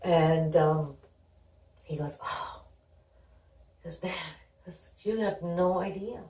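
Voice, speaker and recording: A woman's voice: fairly low pitch, slow pace, mellow. Middle-aged mother recounting family stories. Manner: conversational, reenacts dialogue. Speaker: guest. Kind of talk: candid personal storytelling. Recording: roomy sound, distant from the mic.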